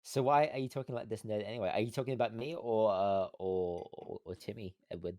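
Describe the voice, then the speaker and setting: Punning man with a low, dry voice. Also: steady tone, fairly quick, mellow, no echo. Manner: playful, punning, laughing. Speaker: VTuber guest. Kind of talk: casual stream chat.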